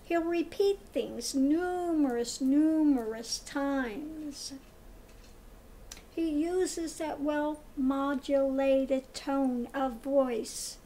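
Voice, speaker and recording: A woman with a high voice delivers a commentary monologue at a slow, deliberate pace. She speaks with emphatic scorn and hammers her points through repetition. A faint hiss runs underneath. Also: warm tone. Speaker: tarot reader and spiritual commentator.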